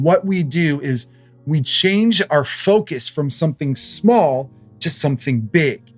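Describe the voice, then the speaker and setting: A man's voice: a little high, a bit bright. A man in his thirties preaching a sermon as pastor, in a conversational way, telling stories with humor.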